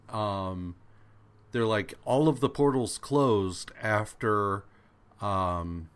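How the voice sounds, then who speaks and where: A man's voice: lowish voice, slow pace, fairly bright tone, smooth. A man co-hosting a podcast, wryly recapping a comic book in casual chat, with fillers and acted-out quotes. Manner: casual, wry, acts out quotes with many fillers. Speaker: podcast co-host.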